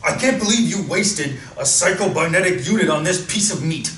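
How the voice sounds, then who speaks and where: A man's voice: a little high, expressive, moderate pace, a bit bright. A man playing a surly, complaining male alien crewman who sulks and protests orders. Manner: whiny, complaining, sulky. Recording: echoey room, mic far off, faint hiss.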